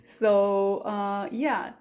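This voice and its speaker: A woman's voice: mid-range voice, steady tone, extremely slow, darkish tone. A woman hosting an interview, asking questions and encouraging her guest with frequent murmured agreement. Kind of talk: casual interview.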